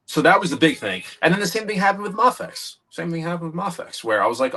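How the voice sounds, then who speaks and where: A man's voice: on the high side, sing-song, fast talker, sharp tone. A man in his thirties, a guest collector in a casual interview, telling stories animatedly and acting out the dialogue he quotes.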